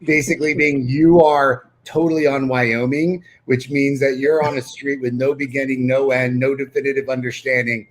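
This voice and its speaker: A man co-hosting a podcast, telling stories with relaxed humor and slipping into quick voice impressions. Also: medium pitch. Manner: playful storyteller, mimics voices. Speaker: podcast co-host. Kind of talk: casual chat.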